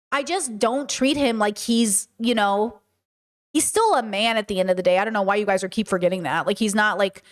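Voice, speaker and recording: High-voiced Valley girl streamer. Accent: California Valley girl. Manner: talkative, frequent "okay?" and "you know?" tags; mimics other people's voices and mannerisms. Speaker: streamer and podcast host. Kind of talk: livestream monologue, reading chat aloud.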